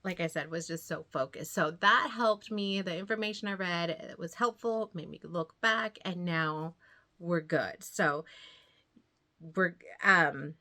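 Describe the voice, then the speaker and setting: A woman talks casually to her viewers about her projects, a little out of breath from pregnancy. She rambles, circles back and laughs easily in a relaxed, chatty way. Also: lowish voice, a little slow. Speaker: knitting vlogger. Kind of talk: casual chat to camera.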